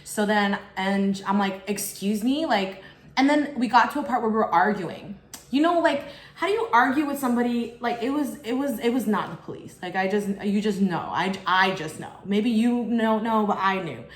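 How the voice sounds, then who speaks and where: A woman telling a personal story while eating, chatty and expressive with lots of fillers. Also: mid-range voice, normal speed. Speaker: vlogger. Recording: echoey room.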